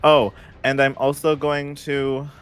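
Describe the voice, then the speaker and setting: A man chatting casually as a player in a tabletop game, rambling with quick jokes and asides. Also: mid-range voice, completely flat delivery, fairly bright tone, clean tone.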